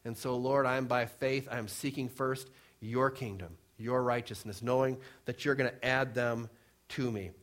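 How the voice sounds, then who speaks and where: A male pastor preaching a sermon, reading scripture and explaining it, swinging between emphatic rises and soft, low drops. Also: fairly even intonation, unhurried.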